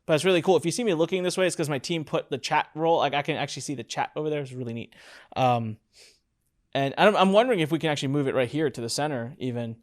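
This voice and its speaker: Excitable middle-aged webinar instructor. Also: medium pitch, fast talker. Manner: excitable and emphatic, repeats key lines; chatty asides, fillers. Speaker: online course instructor. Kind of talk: live webinar presentation.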